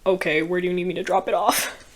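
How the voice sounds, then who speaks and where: A woman's voice: fairly low pitch, steady tone, fast talker, close to an everyday voice. A woman voicing a rude, irritated young man who is short with everyone. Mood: curt. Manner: curt, irritated.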